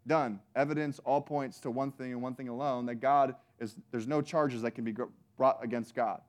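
A man preaching a sermon in an animated, emphatic way, with many rhetorical questions. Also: medium pitch, normal speed.

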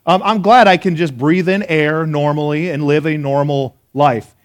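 A pastor preaching a sermon to a live congregation, an animated storyteller who talks straight to his listeners with questions and laughs at his own jokes. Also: a little high, moderate pace. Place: church service before a live congregation.

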